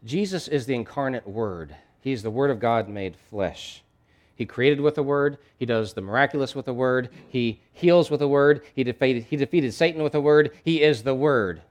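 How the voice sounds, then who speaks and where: A man's voice: mid-range voice, normal speed. A man preaching a sermon in a conversational, emphatic way, with asides and frequent restarts. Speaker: pastor.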